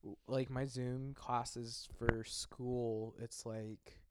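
A man's voice: mid-range voice, level tone, extremely slow, heavy background noise. A young man hosting a podcast, chatting casually in a loose, joking way with plenty of swearing. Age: young adult. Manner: loose, profane, rambling, jokey. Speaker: podcast host. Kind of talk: casual chat.

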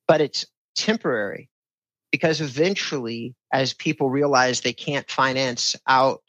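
A man's voice: medium pitch, a bit bright, no echo, poor audio. A man hosting a podcast conversation about real estate, talking in an emphatic, sales-style way. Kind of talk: casual podcast talk.

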